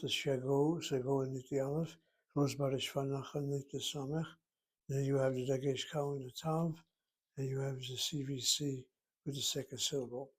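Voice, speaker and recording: Husky man teaching slowly. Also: medium pitch. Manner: slow, careful and explanatory, sounding out words. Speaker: Hebrew teacher. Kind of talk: slow classroom lesson.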